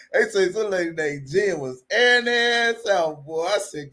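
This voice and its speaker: A man's voice: on the high side, animated, measured pace, hardly any pauses, fairly bright tone. A man hosting a live stream, ranting casually in a profane, mocking way and laughing often. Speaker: livestream host. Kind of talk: casual livestream rant.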